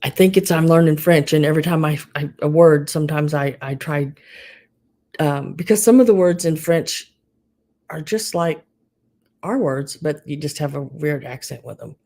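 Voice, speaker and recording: A woman's voice: sits low, moderate pace, warm tone. A woman running a live online sale, chatting casually and calling to bidders by name. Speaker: live auction seller.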